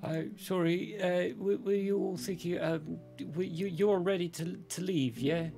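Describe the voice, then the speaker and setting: Gravelly-voiced man running a tabletop game. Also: high voice, unhurried, faint music behind. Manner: relaxed, describes scenes, laughs easily. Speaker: game master.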